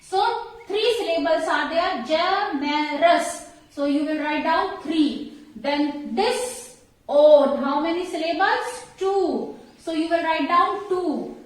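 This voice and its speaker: A woman's voice: very high voice, unhurried. A woman teacher patiently explains a school workbook lesson and spells words out letter by letter. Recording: echoey room, voice far from the mic.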